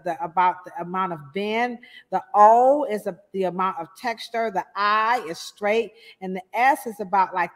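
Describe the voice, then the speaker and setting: Woman, live-stream host, chatty, playful, reverberant room. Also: mid-range voice. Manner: chatty, animated shout-outs with playful asides. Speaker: hairstylist hosting a live show. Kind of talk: casual live-stream chat.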